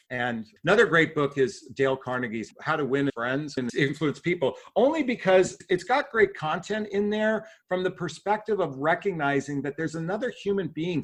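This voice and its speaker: A middle-aged man, a relationships coach, giving animated advice in a podcast interview and acting out sample lines. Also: mid-range voice. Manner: animated, acts out sample dialogue in voices. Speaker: dating and relationships coach, guest.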